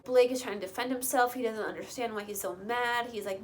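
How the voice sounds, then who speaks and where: A woman's voice: a little high, fairly even intonation, brisk, slight background noise, rough recording. Chatty young woman recapping gossip. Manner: chatty, opinionated, rambling asides. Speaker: recap vlogger. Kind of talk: casual gossipy show recap.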